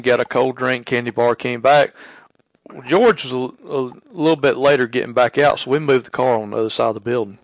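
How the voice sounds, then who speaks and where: Man, casual storyteller, gravelly, corrects details, dry close sound. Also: mid-range voice, no room sound, low-quality recording. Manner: unhurried, corrects details before going on.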